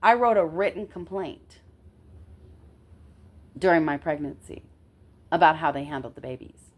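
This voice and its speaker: A woman's voice: low voice, animated, a little slow. A woman telling a personal story in a casual way, emphatic and indignant, swearing now and then and often checking in with her listener.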